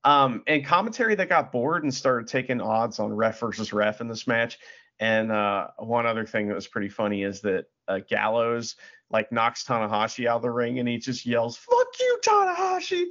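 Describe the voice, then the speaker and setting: A man co-hosting a casual wrestling chat, animated, swearing freely and acting out quotes. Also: medium pitch, moderate pace. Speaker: podcast co-host. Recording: dull lo-fi audio.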